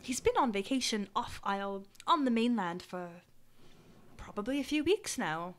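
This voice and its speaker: A woman's voice: a little high, sing-song, moderate pace. Rambling woman running a tabletop game. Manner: rambling, full of likes and ums. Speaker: game master. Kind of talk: playing a grieving townswoman in a tabletop game. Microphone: video call.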